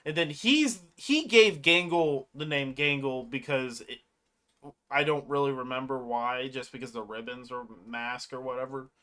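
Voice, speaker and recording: A casual speaker recapping a movie's plot in a rambling way, swearing often and acting out quotes in animated voices. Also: mid-range voice, moderate pace. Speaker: movie reviewer.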